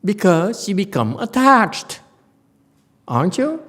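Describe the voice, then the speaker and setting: Male Buddhist teacher, high, animated voice, slow delivery, blunt and playful in lecture. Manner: blunt, teasing, acts out students' whining voices. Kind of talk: dharma lecture. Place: temple lecture hall.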